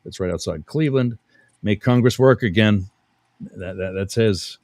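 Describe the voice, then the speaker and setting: A man's voice: lowish voice, moderate pace, darkish tone, no room sound. A middle-aged man hosting a radio talk show, rambling and chatty, often interrupting himself with fillers.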